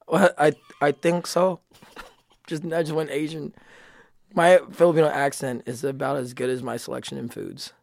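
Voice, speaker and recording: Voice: medium pitch, fairly even intonation, normal speed, gravelly, a little mellow, no room sound. Jokey, laughing podcast co-host, dry sound. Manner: jokey, laughs a lot, swears casually. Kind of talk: casual podcast chat.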